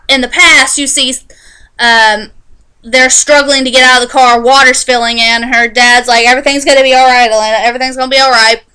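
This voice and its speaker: A woman casually recapping a TV episode in a chatty, animated way, often restarting her sentences. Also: high-pitched, clear, resonant tone, rough recording. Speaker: TV show reviewer.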